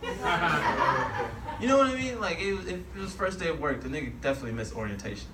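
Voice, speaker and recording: A man's voice: a little high, sing-song, brisk. A man doing a stand-up set, loose and chatty, laughing at his own jokes. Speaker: stand-up comedian. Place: comedy club stage. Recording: roomy club, distant mic, crowd noise.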